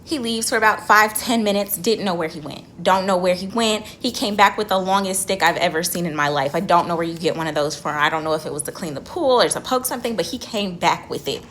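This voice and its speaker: A young woman vlogging from her car, telling a dramatic story in a casual, animated way and swearing freely. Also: fairly low pitch, brisk, hardly any pauses, a little hiss or hum.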